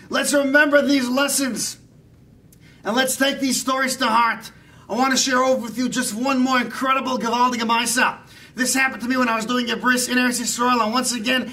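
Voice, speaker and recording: A man acts out a preachy older rabbi spinning moral tales in a sermon-like, drawn-out way. The voice sits very high and sounds bright and forceful. The mic is set well back from him at a live stage. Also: recorded from a distance. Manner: sermon-like, drawn-out emphatic delivery. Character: earnest older male rabbi storyteller, preachy. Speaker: jester performing an impression. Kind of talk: comic impression of a storytelling rabbi.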